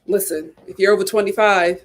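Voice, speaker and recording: A woman hosting her own YouTube channel in a casual chat with her viewers, animated, and laughing often. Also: mid-range voice, fairly quick. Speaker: YouTube host.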